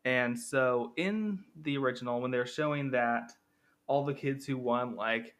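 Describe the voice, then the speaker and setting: Young man, casual film commentary, bright tone, rambling, jokey, self-correcting. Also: mid-range voice, moderate pace. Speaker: film reviewer.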